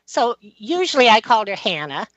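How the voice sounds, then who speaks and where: Earnest rambling woman, bright voice. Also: fairly high pitch, very animated, normal speed, dry recording. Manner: rambling, earnest, many fillers. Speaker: guest. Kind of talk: casual storytelling on a call-in talk show. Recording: dull lo-fi audio.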